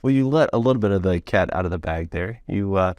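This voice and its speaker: A man hosting a podcast in casual interview chat, chatty and quick to laugh, with rambling asides. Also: low voice, animated, a little mellow, no echo, muffled recording. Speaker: podcast host.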